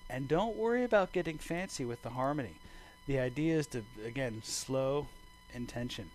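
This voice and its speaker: A man teaching a bass lesson over a video call, relaxed and rambling, thinking aloud with fillers. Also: fairly quick, a little hiss or hum, rough recording. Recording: bass guitar playing behind him.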